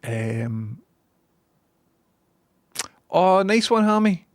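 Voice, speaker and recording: Rambling streamer, sweary and casual. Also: male voice, high-pitched, sing-song, very slow, no echo. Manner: rambling, sweary, self-mocking. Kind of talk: casual chat.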